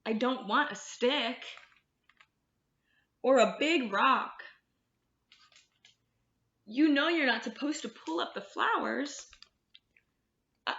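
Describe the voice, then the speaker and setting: A woman's voice: high-pitched, expressive, takes it slowly, creaky, pauses often, fairly bright tone, reverberant, muffled recording, pitched above the performer's own voice, full character voice. A woman voicing a stern, bossy female character in a picture book who scolds firmly. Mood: scolding. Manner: firm, scolding, emphatic. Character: stern bossy female friend refusing hugs.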